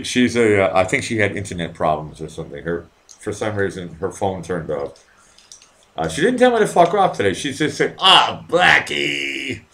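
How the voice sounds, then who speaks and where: A man hosting a live stream in a casual, rambling and profane way, reading out viewer comments and sometimes putting on silly voices. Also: on the low side. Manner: rambling, profane, easily distracted. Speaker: live-stream show host.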